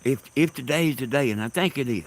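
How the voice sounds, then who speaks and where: A man telling rambling stories in a casual monologue, halting and laughing loudly at his own tales, recorded outdoors in the countryside. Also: medium pitch. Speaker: host. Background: crickets and insects.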